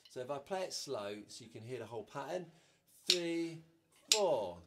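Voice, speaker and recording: A man's voice: mid-range voice, expressive, fast talker, heavy background noise. Man teaching drums, counting beats aloud. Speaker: drum teacher. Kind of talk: instructional drum lesson.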